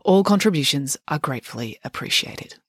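A woman who is a children's author and podcast host, reading a bedtime story aloud in a slow, deliberate way. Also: low voice, expressive, no echo, clean studio sound, soft background music.

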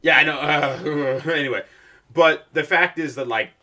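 Young guy on a podcast, bright kinda sharp voice, slightly high, swears a lot and laughs. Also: normal speed. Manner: swearing, laughing, joking asides. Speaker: podcast co-host. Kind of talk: casual podcast banter. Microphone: headphones and studio mic.

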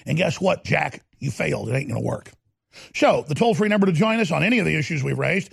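A man's voice: fairly high pitch, animated, brisk, vocal fry, breathy edge, no echo, studio quality. A middle-aged man hosting a talk radio show, ranting fervently and combatively and hammering points through repetition between ad reads.

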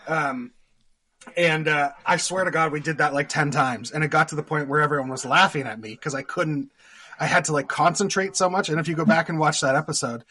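A man's voice: on the high side, brisk, sharp tone, husky. A young Canadian man, a guest actor on a podcast, telling rambling stories with lots of fillers and laughter. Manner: rambling storyteller, laughs often, many fillers. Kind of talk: casual podcast interview.

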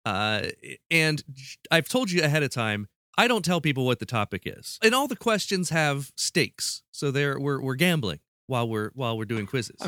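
Man, podcast host, playful quizmaster, mid pitch, dry studio sound. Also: very animated, moderate pace, pushed and bright, dry recording. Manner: playful, restarts mid-sentence. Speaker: podcast host running a quiz. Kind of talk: casual podcast chat.

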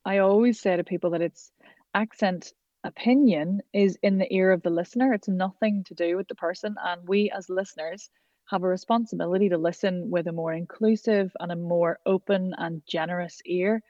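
A woman's voice: fairly low pitch, steady tone, normal speed, warm tone, no echo. A woman from Ireland, a coach speaking passionately in a podcast conversation. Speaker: accent coach. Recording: dull lo-fi dry sound.

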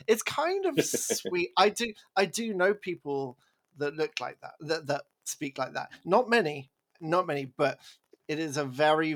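Chatty podcast man with a lively higher voice. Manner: animated, rambling, quick to laugh. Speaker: podcast co-host. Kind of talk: casual chat.

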